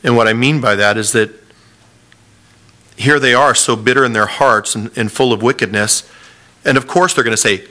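A man preaching a sermon, reading scripture aloud and explaining it in an earnest, animated way. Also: mid-range voice, moderate pace, pauses often. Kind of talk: sermon-style Bible teaching.

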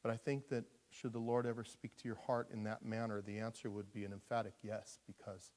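A man preaching a sermon in a conversational, humorous style, animated and quick to laugh at himself. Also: fairly low pitch.

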